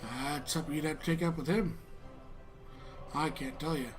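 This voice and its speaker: A man's voice: a little high, fairly even intonation, moderate pace, soft background music, close to an everyday voice. A man voicing an old human father, defiant and protective, with blunt, stubborn speech.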